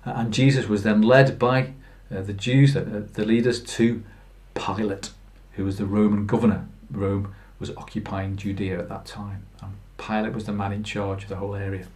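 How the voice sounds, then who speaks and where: A man's voice: fairly low pitch, flat delivery, normal speed, few pauses, a little mellow, soft background music. A man preaching a Good Friday sermon in plain storytelling, earnest, with fillers and restarts. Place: church.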